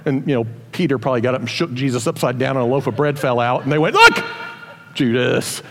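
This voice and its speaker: A man preaching a sermon, telling stories animatedly and acting out voices in quick asides. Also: medium pitch, fairly even intonation, in a large hall, slight background noise. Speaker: pastor.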